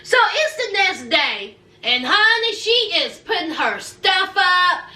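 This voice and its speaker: A woman's voice: very high-pitched, sing-song, slow pace, pushed and bright, reverberant. A woman doing a sassy casual recap of a reality show, drawling and calling her listeners honey and child. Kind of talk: animated casual recap with acted quotes.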